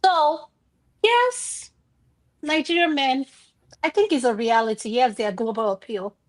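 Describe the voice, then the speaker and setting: A woman's voice: sits high, unhurried. A woman on a talk panel giving her opinions directly and firmly.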